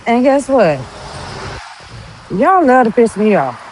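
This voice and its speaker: A woman's voice: on the high side, very animated, slow pace, darkish tone, slight background noise. A woman hosting a podcast, talking bluntly in a casual monologue full of rhetorical questions. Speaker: podcast host.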